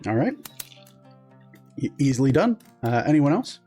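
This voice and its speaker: A man's voice: mid-range voice, big pitch swings, moderate pace, mellow, breathy edge, soft background music. A man narrating as game master of a tabletop game, casual with lots of fillers and restarts.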